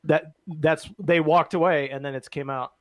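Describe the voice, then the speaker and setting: A man co-hosting a podcast in casual political discussion, animated and argumentative, often laughing. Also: on the high side, moderate pace, dry recording. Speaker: podcast co-host.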